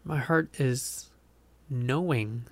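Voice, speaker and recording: A man's voice: medium pitch, drawn-out words, no echo. A young man, a pastor hosting a podcast, talking through a Bible verse in a casual, earnest, rambling way. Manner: earnest, rambling, self-interrupting with laughs. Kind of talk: casual devotional talk.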